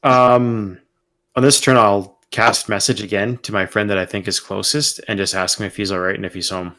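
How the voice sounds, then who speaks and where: Hesitant, low-voiced male player. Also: fairly even intonation, moderate pace, bright, forceful tone.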